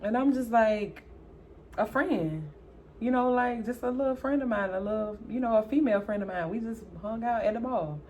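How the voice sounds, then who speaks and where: A woman's voice: fairly quick, hardly any pauses, slight background noise. A young woman vlogger chatting casually while doing her makeup, acting out both sides of a conversation, with Southern US slang. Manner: animated, acts out both sides of a dialogue, jumps high for her own exclaims. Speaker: beauty vlogger.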